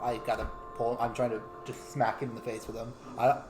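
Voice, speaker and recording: A man playing in a tabletop game, talking in quick stammering bursts. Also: mid-range voice, level tone, over music. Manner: stammering, rushed. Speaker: player. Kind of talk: casual tabletop play. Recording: echoey room, background noise.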